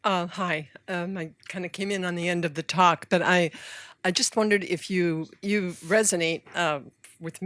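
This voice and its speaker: A woman in the audience asks a halting, hesitant question. Her voice is low for a woman. The sound is dry and close. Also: steady tone, fairly bright tone, no room sound. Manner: hesitant, many fillers. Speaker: audience member asking a question.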